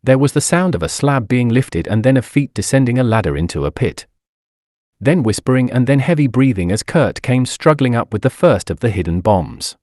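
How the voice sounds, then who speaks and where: A man giving an expressive, dramatic audiobook narration on a close studio mic. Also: mid-range voice, normal speed, no room sound.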